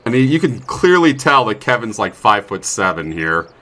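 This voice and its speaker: A man's voice: lowish voice, very animated, moderate pace, sharp tone. A young man commentating his own gameplay in a chatty, self-mocking way, with sudden startled outbursts. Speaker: streamer playing a survival game. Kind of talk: let's play commentary.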